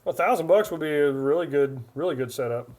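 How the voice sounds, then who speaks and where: Man, forties, live-stream host, casual rambling chat, slightly high voice. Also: a little fast, darkish tone. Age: 40s. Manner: rambling, chatty, reads chat aloud. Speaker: livestream host.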